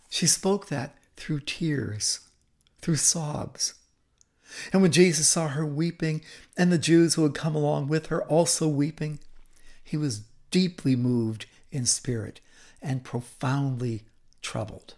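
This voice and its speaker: A man preaching a sermon, retelling a scripture story with dramatic, deliberate delivery and hushed drops for effect. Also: on the high side.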